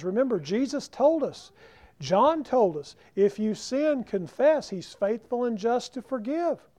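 High-voiced preacher, emphatic. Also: male voice, warm tone. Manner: emphatic preaching, slows down to stress key words. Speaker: pastor. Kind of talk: sermon. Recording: dull lo-fi recording.

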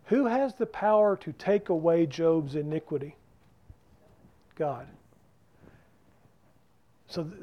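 High-voiced man teaching a Bible class. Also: dark tone, highs cut off. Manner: keeps asking the group questions.

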